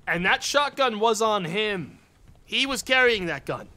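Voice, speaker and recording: Animated and forceful, a man with a high, bright voice talks a little slowly as he streams a mystery game. He casually works out the puzzle out loud, chatting with his viewers in typical live-stream fashion.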